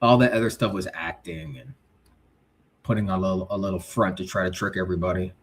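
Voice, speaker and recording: A man's voice: low-pitched, fast, vocal fry, breathy edge. A male livestream host chatting casually, reading viewer comments and giving blunt, slangy takes. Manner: blunt, animated, street slang.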